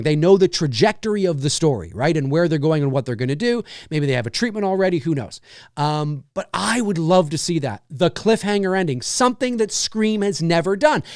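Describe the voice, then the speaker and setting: A man hosting his own horror film talk show, talking casually and with animation, and swearing as he acts out excited reactions. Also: high-pitched, no echo, clean studio sound. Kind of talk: casual solo commentary.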